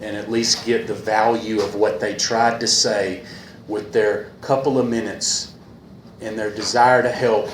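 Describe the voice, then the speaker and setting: A man speaking earnestly at a recovery meeting, repeating a refrain and pausing often with fillers, a little emotional. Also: fairly low pitch. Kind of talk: personal talk at a meeting. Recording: echoey room with faint hiss.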